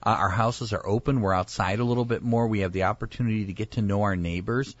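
A man's voice: fairly low pitch, fast, no echo, dull audio. A male pastor chatting casually, telling stories and acting out the people in them. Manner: animated storyteller, acts out quoted voices. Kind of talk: casual chat.

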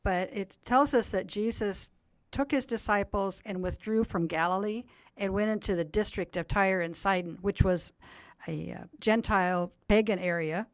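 Older woman, Bible teacher, earnest explainer, mid pitch, dry close sound. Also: moderate pace, no room sound. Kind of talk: radio interview, storytelling.

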